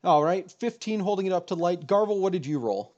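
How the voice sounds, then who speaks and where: A man acting as game master on a tabletop game stream, calling for rolls and describing scenes in an easygoing way with pauses and fillers. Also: high-pitched, animated, a little mellow, highs cut off.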